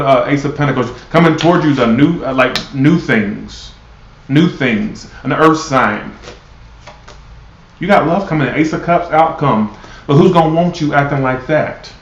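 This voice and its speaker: A man giving a blunt, sarcastic tarot reading live, swearing freely and talking casually to his viewers. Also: on the high side. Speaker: tarot reader. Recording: roomy, dull lo-fi sound.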